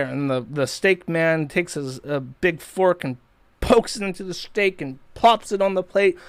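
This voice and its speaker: A man's voice: on the high side, clear, resonant tone, no echo. A man hosting a live stream, ranting in a profane, mocking way. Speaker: streamer host.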